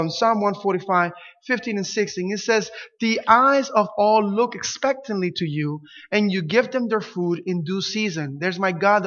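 A pastor preaches with a high, bright voice, acting out the lines he quotes. His sermon rings through a reverberant hall. The recording sounds dull and muffled. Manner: animated preaching, acts out quotes, grows louder and emphatic.

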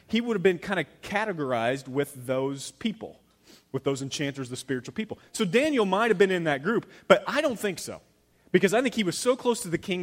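Pastor type, man, slightly high voice, dramatic storyteller, big hall echo. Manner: animated storytelling, acting out characters' lines. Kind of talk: sermon.

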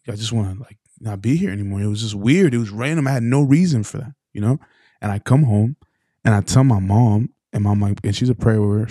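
Guy in his 20s, lowish mellow voice, rambly "like like" storytelling, dry close sound. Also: dry recording. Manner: rambling, full of "like". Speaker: podcast co-host. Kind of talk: casual testimony.

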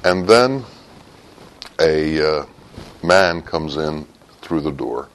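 A man teaching a sermon through a story, with sudden loud, high bursts breaking up his low, quiet telling. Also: lively intonation, extremely slow, poor audio.

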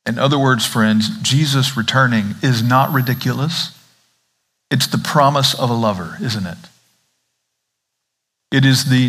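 A Southern pastor from the American South delivers an Advent sermon conversationally, posing questions to his congregation. His mid-range voice is a bit bright and a little slow.

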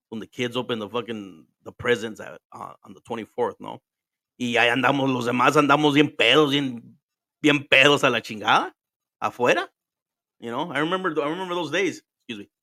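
Bright-voiced Mexican man swapping languages. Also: mid-range voice, dry recording, studio quality. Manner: swears freely, switches between English and Spanish, laughs often. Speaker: podcast host. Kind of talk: casual storytelling chat.

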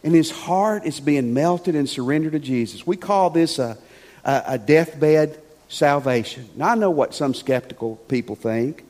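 A man delivers a sermon in a notably high voice, emphatic and conversational. He leans on rhetorical questions to draw the congregation in. A long reverb from the church hall trails his words. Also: a little slow, darkish tone. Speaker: pastor. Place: church sanctuary.

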